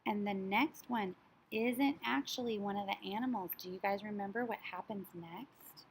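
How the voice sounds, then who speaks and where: A woman teaching a story sequencing lesson to young children, speaking in an animated, child-directed way and now and then imitating animal sounds. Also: medium pitch, moderate pace, slight background noise.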